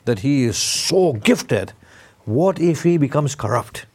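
A middle-aged man preaching a conversational sermon, putting questions to his listeners and slowing down to stress key words. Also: medium pitch, animated, a little mellow. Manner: questions the audience, emphatic with sudden slow stresses. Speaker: Islamic preacher.

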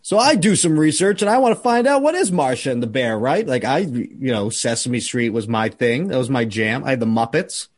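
A man hosting a podcast, telling a profane, animated story in casual chat. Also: medium pitch, normal speed, few pauses. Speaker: podcast host.

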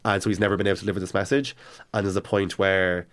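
A man talks quickly and in a low register, jumping between thoughts with lots of fillers. His retelling is eager and rambling, and he sounds like a relaxed fan chatting. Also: clean tone. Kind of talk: casual chat.

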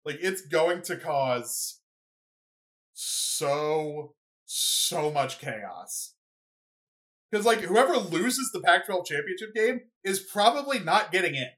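A young adult hosting a solo sports podcast, talking off the cuff at a mid-range pitch. The delivery is loose and rambling, full of fillers and restarts. It keeps tipping into excited asides. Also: takes it slowly. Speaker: podcast host.

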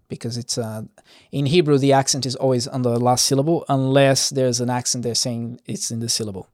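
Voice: medium pitch, little pitch movement, fairly quick, darkish tone, no room sound, clean studio sound. A Bible teacher giving a casual Bible study, reading scripture aloud and adding light-hearted, conversational commentary with frequent restarts.

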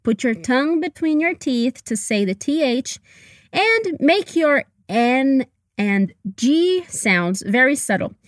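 A high-pitched woman leads a language lesson with repeat-after-me drills and coaches pronunciation carefully and encouragingly. She speaks slowly and takes her time over each word. Her voice sounds dry and close, with no room echo. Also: sing-song. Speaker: English teacher.

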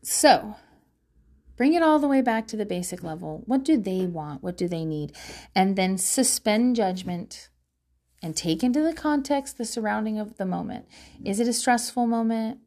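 A woman's voice: medium pitch, lively intonation, normal speed, a little mellow. A woman talking casually at home to her viewers about parenting, candid and swearing freely, with frequent laughter. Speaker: parent sharing parenting advice.

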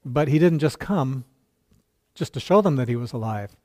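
A man's voice: mid-range voice, lively intonation, moderate pace, a little mellow. A male pastor preaching a sermon, retelling a story earnestly with quoted dialogue and occasional stumbles.

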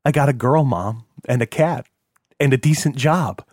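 Man as a sheepish grown son, mid-pitched, dry close read. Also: normal speed, darkish tone, husky, no room sound, natural voice. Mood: earnest. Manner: earnest, a little sheepish. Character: grown man, former young rebel, emotional.

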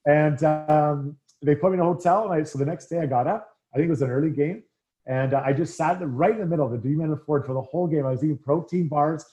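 A man's voice: fairly high pitch, fast. A middle-aged man, a former hockey player, telling casual anecdotes in an interview and acting out the quotes. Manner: animated anecdotes, acts out quotes. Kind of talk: casual storytelling.

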